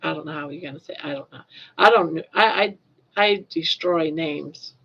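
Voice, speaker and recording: A woman's voice: sits low, normal speed, fairly bright tone, breathy edge. An older woman from Maine hosting a casual livestream chat, rambling along and repeating words as she goes. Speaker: livestream host. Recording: dull lo-fi livestream audio.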